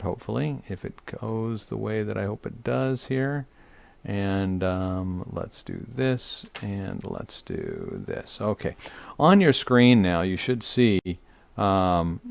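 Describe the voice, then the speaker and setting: A man's voice: low-pitched, gravelly, dry recording. A middle-aged man, a rabbi, teaching an online Torah study, speaking off the cuff with many fillers and restarts.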